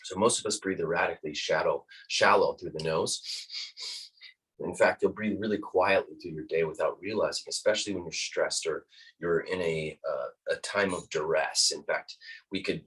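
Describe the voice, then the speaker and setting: A man teaching a guided breathing lesson, calm and instructive, demonstrating each breath aloud. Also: deep voice, moderate pace, husky, far from the mic, rough recording.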